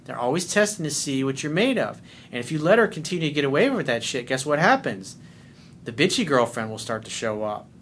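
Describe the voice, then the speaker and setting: A man's voice: mid-range voice, a bit bright, a little hiss or hum. A man working as a dating coach, answering a listener's letter in a blunt, profane way and acting out little scenes.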